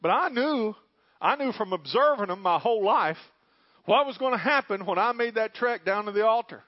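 A middle-aged man preaching a sermon, fervent and folksy, dropping to a hush and rising to loud emphasis. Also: high-pitched, expressive, normal speed. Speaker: pastor. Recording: dull lo-fi recording.

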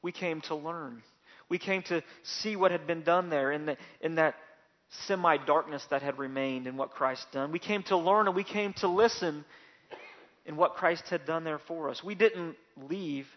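A man preaching a sermon, telling the story dramatically and building to loud, emphatic peaks. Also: a little high, moderate pace. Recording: dull lo-fi recording.

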